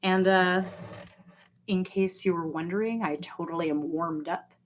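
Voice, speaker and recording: A woman's voice: fairly low pitch, measured pace, a little hiss or hum. A woman chatting casually on a livestream, rambling and swearing as she talks straight to her viewers. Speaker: livestream host.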